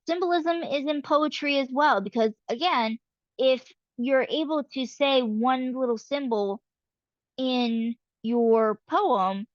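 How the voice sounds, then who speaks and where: Female lecturer, relaxed explanatory delivery, slightly higher pitch, dry muffled recording. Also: dry recording. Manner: casual explanatory, frequent fillers.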